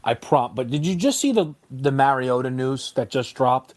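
A man's voice: mid-range voice, expressive, moderate pace, darkish tone. A man co-hosting a sports radio show, teasing his partner in joking banter. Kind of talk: casual sports chat.

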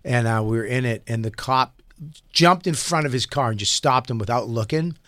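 A man telling crude stories in casual chat and loudly acting out the people in them. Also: medium pitch, normal speed, no room sound, studio quality. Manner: crude, animated storyteller who acts out quotes loudly.

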